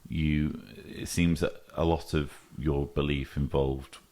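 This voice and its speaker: Male host, very low voice, easygoing, keeps the guest talking with questions. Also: flat delivery, slow pace, dark tone. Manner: prompting, asks follow-up questions. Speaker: interview host. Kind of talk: casual interview.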